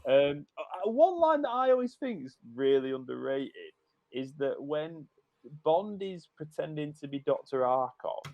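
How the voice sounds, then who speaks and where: A man's voice: on the high side, very animated, unhurried, vocal fry, muffled recording. A man chatting casually on a podcast about a film, quoting favourite lines and laughing often. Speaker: podcast guest.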